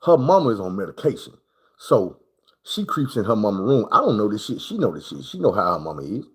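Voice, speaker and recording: A man's voice: fairly low pitch, sing-song, a little fast, slightly rough. A man telling a rambling, slangy personal story on a livestream, full of swearing and acted-out moments.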